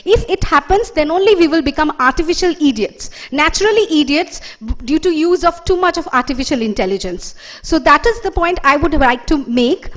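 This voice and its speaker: A woman giving a conference presentation as a lecturer, explaining with fillers and self-corrections. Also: high-pitched.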